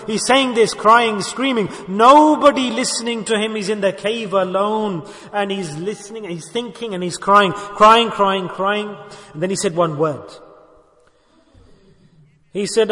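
A man's voice: high-pitched, moderate pace, bright, forceful tone, long reverb tail. A man delivering an emotive sermon, telling a story and rising into impassioned exhortation. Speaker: preacher.

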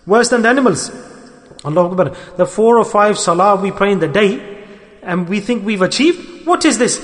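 Male preacher, high-pitched, urgent, exhorting sermon delivery with loud peaks and soft asides, recorded with long hall reverb. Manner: earnest, exhorting, swings between loud emphasis and soft asides. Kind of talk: religious sermon.

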